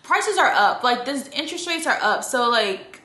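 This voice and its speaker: Bright-voiced young woman chatting in an echoey room. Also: a little high, big pitch swings, normal speed. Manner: chatty, fills speech with "like", rambling and heartfelt. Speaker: vlogger. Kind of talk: casual chat.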